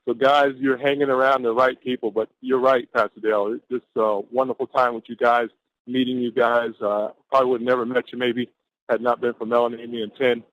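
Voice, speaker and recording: A brisk, mid-range male voice with flat delivery and no room sound comes through dull, lo-fi conference call audio. The caller, from Atlanta, Georgia, USA, gives his team an exuberant, sermon-style pep talk, elongating his key words.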